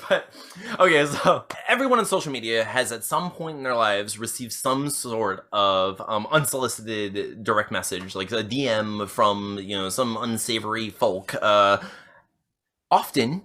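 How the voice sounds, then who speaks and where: A man's voice: lowish voice, measured pace, pushed and bright. A man co-hosting a comedy podcast, chatting casually in a rambling, giggly way. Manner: rambling, many restarts, giggly. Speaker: podcast co-host.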